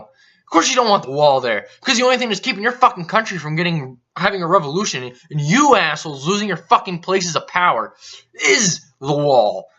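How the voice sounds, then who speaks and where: A man's voice: fairly high pitch, pushed and bright. A man on a vlog delivering an angry, profane rant, heated and sarcastic. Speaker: vlogger. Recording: dull lo-fi recording.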